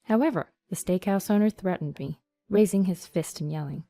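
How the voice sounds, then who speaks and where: A woman narrating a first-person story in an even, storytelling read. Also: on the low side, normal speed, vocal fry, few pauses. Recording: dry studio voice-over over soft music.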